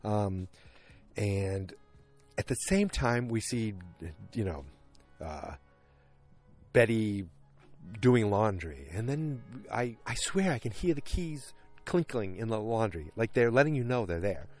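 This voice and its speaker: A man hosting a casual solo podcast, retelling a TV episode at home in a rambling, animated way full of fillers and restarts. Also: on the low side, takes it slowly, long pauses, faint music behind. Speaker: podcast host recapping a TV episode. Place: at home, alone at night.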